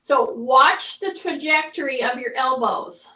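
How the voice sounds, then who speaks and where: Slow-spoken woman coaching a class. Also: sits high, bright, forceful tone. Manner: coaching cues, patient and repetitive. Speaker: fitness instructor. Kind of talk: live mobility class instruction. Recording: echoey room, voice from far off.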